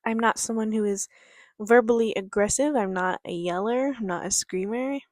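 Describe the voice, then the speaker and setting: A woman life coach giving a reflective motivational talk in a gentle, calm, quiet and patient way. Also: fairly high pitch, no room sound. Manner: unhurried, patient delivery. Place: outdoors near a creek.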